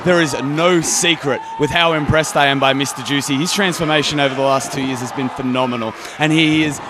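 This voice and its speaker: Cocky wrestler, noisy background. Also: male voice, a little high, fairly even intonation, fairly quick, crowd noise. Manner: cocky, boastful, joking. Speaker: wrestler and champion co-host. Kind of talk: post-show wrestling banter.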